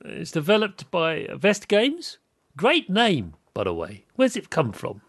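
A man's voice: sits high, huge pitch swings, takes it slowly, fairly bright tone, breathy edge, dry recording, clean studio sound. A man hosting a podcast interview, chatting casually and animatedly, often laughing and acting out quoted voices. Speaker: podcast host.

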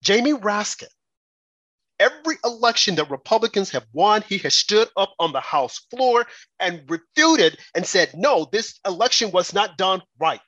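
An indignant man delivers political commentary, and his husky voice swings widely in pitch. He mocks his opponents in rhetorical put-on quotes. The sound is dry and close. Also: animated, moderate pace, bright, forceful tone, dry recording, highs cut off.

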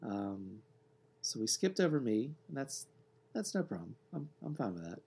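A man co-hosting a sports podcast in casual chat, with a relaxed, joking, deadpan way of talking. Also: medium pitch, moderate pace, vocal fry, slightly rough. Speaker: podcast co-host.

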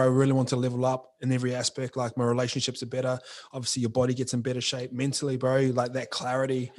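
A man's voice: mid-range voice, a little mellow. A young man, a brand founder talking frankly and casually as a podcast guest, full of slang. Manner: slangy, frank, says bro and like often.

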